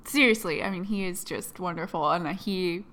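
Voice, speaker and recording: A woman co-hosting a podcast in casual chat, unhurried and quick to laugh. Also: on the low side, a bit bright. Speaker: podcast co-host.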